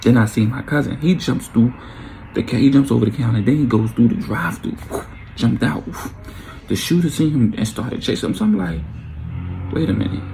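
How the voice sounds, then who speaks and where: Young New man, storyteller, gravelly voice, animated delivery, light background hiss. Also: medium pitch, brisk, pauses often. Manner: animated, acts out quotes with sound effects. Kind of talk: casual storytime vlog.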